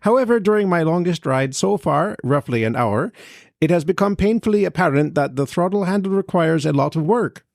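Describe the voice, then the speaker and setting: Man, podcast co-host, letter reading, slightly higher voice, dry close sound. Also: animated, fairly quick, creaky, a little mellow, no echo. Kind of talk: reading a listener letter aloud.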